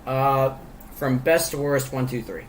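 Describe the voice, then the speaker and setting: A man's voice: mid-range voice, unhurried, slight background noise, poor audio. A man co-hosting a casual podcast chat about a movie, rambling with lots of fillers and frequent laughs. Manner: rambling, laughs often, many fillers and restarts. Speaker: podcast co-host reviewing a movie.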